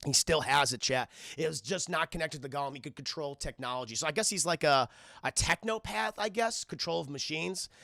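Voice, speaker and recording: A young man casually recapping a cartoon episode for a live stream chat, excitable, laughing often and tripping over his words. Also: a little high, brisk, gravelly, no room sound, clean studio sound.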